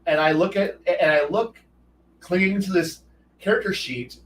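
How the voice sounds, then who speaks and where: The host, a man whose voice runs slightly high for a male, rambles profanely about tabletop gaming at a moderate pace, frequently starting sentences over. He sounds far from the mic in an echoey room, with a faint hiss underneath.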